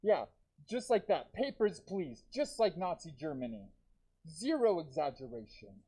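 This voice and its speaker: A man performing a live stand-up set with dark, deadpan jokes and self-aware asides to the audience, talking through a deer mask. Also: on the high side, moderate pace, slightly rough, poor audio. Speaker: stand-up comedian. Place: comedy theater stage.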